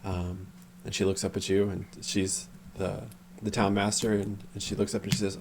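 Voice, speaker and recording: A man narrating as game master in a relaxed, halting way, full of restarts. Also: on the low side, a little hiss or hum.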